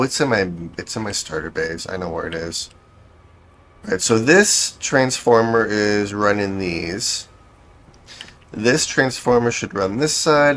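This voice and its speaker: A man's voice: on the low side, a bit bright. A man giving casual gameplay commentary, thinking aloud as he builds, with a dry, self-correcting, sarcastic manner. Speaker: game streamer.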